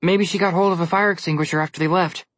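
A woman's voice: fairly low pitch, steady tone, quick pace, dry recording, natural voice. Woman doing a sarcastic, cautious young boy. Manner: dry, sarcastic, indignant remarks. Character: sarcastic, cautious boy, the girl's twin brother. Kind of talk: storybook reading.

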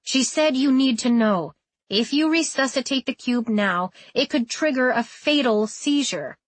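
Frightened young heroine, read by a woman narrator, urgent, a touch higher, dry mic. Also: lively intonation, measured pace, no echo. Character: frightened young woman, quick under pressure.

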